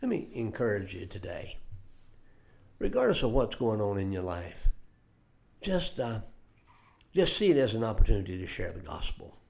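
A man's voice: fairly low pitch, very animated, moderate pace, creaky, long pauses, darkish tone. An older man teaching from scripture in an earnest preaching manner, often repeating words as he starts a phrase. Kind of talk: radio Bible teaching.

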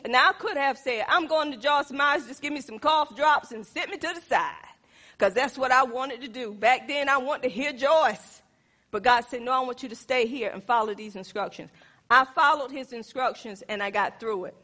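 A woman preacher with a high, bright voice, telling her testimony in an emphatic, animated way. She speaks straight to her congregation. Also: normal speed. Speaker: pastor. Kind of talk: sermon testimony.

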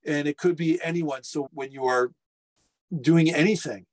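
Middle-aged man, slightly high voice, animated storyteller on a video call from home. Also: moderate pace. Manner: lively anecdotal storyteller, acts out quotes. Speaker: restaurateur guest. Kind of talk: casual storytelling interview. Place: home furnace room.

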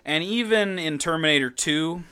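A man's voice: on the high side, normal speed, bright, forceful tone, clean tone. A man co-hosting a casual movie-review podcast, sarcastic and swearing freely as he recaps scenes. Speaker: podcast co-host.

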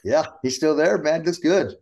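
A man's voice: fairly high pitch, moderate pace, gravelly. A middle-aged man, a pro wrestler guest, chatting casually and acting out the voices of people in his stories. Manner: animated storyteller acting out quotes. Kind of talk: casual chat.

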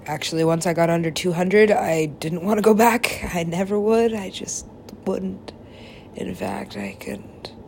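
Creaky-voiced woman murmuring and whispering. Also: on the low side, fairly even intonation, a little slow, a little mellow, a little hiss or hum. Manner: drifting, profane, often dropping into whispers. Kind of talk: rambling monologue.

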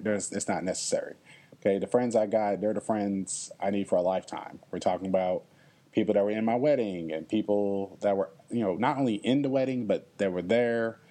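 With a warm, fairly low voice, this young male podcast host reflects on his own, addressing listeners earnestly. Now and then he gets emotional, and he frequently asks "okay?" to check in with them.

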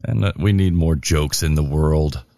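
A man's voice: very deep voice, normal speed, vocal fry, mellow, dry recording, studio quality. A man hosting a podcast, introducing clips in casual chat, laid-back and joking, with plenty of fillers. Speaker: podcast host.

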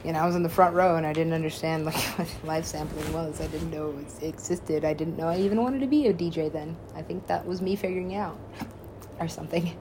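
A woman with a slightly low voice tells a meandering story from her own life. She rambles, swears freely and laughs often, in loose, casual talk. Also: quick pace, background noise. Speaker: musician and DJ.

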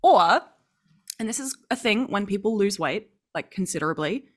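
A woman co-hosting a podcast in casual chat, candid and quick to laugh, swearing freely. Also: mid-range voice, animated. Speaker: podcast co-host.

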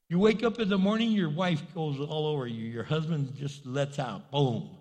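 A male pastor delivers a conversational, animated sermon, switching into little voices for the people in his stories. His voice sits fairly high for a man. A long hall reverb trails each phrase. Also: moderate pace, hardly any pauses. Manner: conversational, animated, acts out quotes.

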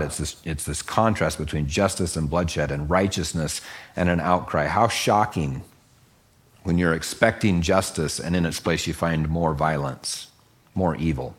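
A middle-aged man teaching a Bible passage casually, explaining the verses conversationally and acting out the voices of the listeners. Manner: conversational, acts out voices of the listeners with lively pitch jumps.

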